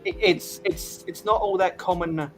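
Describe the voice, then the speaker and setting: Halting, chatty male stream host. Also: sits high, fairly even intonation, over music. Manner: halting, lots of restarts. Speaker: livestream host building sets. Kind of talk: casual chat.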